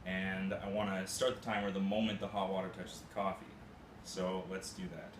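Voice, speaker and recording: In a roomy room with a faint ambient hum, a man with a deep voice and a level tone walks through brewing coffee step by step at a moderate pace. This casual how-to demonstration is sprinkled with playful, goofy catchphrases.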